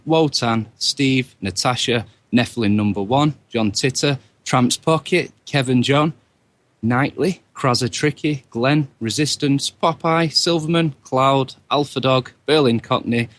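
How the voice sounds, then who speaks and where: Relaxed male co-host reading a list. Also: mid-range voice. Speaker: radio co-host. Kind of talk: reading out chat room names.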